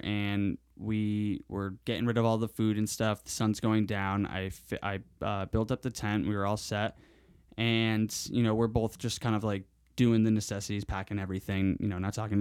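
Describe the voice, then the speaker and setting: Guy with a lowish voice rambling a camping tale, dry close mic, lots of false starts. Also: little pitch movement, normal speed, a little mellow, smooth, dry recording. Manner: rambling storyteller, many restarts. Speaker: podcast co-host. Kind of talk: casual chat.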